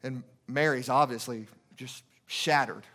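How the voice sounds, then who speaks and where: A man's voice: medium pitch, steady tone, a little slow, a bit bright. A man preaching a sermon, telling a story with emphatic, repetitive urgency.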